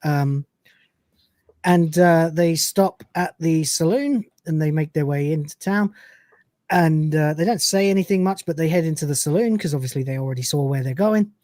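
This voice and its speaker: A man's voice: a little high, moderate pace, a little mellow, no echo. A man hosting a live show, chatting casually and animatedly as he retells scenes and quotes the characters. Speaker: podcast host. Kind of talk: casual chat recapping an episode.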